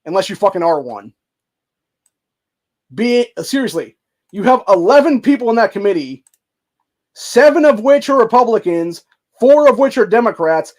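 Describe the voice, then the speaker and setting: High-voiced man in a profane rant. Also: very animated, moderate pace. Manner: profane, heated, heavy filler words like dude and bro. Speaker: commentary host. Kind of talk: angry political rant.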